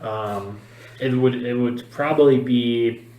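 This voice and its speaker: A man's voice: medium pitch, slow pace, dark tone. A man co-hosting a podcast in casual chat, hesitant with many fillers and jokes. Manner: hesitant, filler-heavy, joking. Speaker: podcast co-host. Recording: echoey room.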